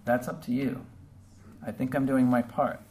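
A man preaching a heartfelt, conversational sermon to his congregation, pausing often with fillers. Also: mid-range voice, fairly even intonation, vocal fry, warm tone. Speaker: pastor. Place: church service. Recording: distant mic with faint background noise.

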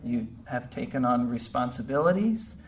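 A man preaching a heartfelt, conversational sermon to his congregation, pausing often with fillers. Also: mid-range voice, lively intonation. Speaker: pastor. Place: church service. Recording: distant mic with faint background noise.

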